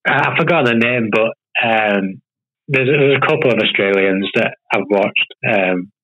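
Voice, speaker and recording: A man's voice: fairly low pitch, moderate pace, fairly bright tone, dull audio. A man from the UK, a guest comedian, chatting in a laid-back way with lots of fillers over a remote call. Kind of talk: casual chat interview.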